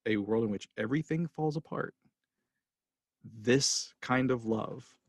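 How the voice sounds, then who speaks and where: Gravelly-voiced man rambling passionately. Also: mid-range voice, dry recording, clean studio sound. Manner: passionate, rambling with restarts, grows emotional. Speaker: podcast host. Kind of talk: casual film discussion podcast.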